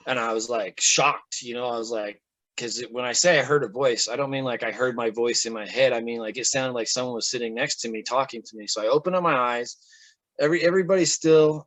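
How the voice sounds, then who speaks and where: Male interview guest, mid-pitched, relaxed storyteller who acts out dialogue. Dry, close sound. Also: no echo, rough recording. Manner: animated, acts out quoted speech.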